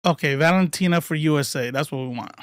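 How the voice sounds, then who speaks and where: A livestream commentator giving casual political commentary, profane and rambling, swinging between loud outbursts and mumbled asides. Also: mid-range voice, fast talker, no room sound, studio quality.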